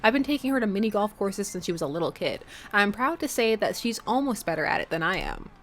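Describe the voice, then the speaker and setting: A woman's voice: medium pitch, sing-song, normal speed, fairly bright tone, slight background noise. A woman chatting and joking as she plays a dating game, reading narration aloud. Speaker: streamer. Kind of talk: let's play commentary and reading game text.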